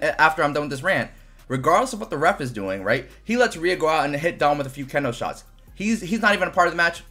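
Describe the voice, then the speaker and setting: A man's voice: fairly high pitch, fairly bright tone. A young man giving a casual, frustrated review of a wrestling event, ranting animatedly and swearing often.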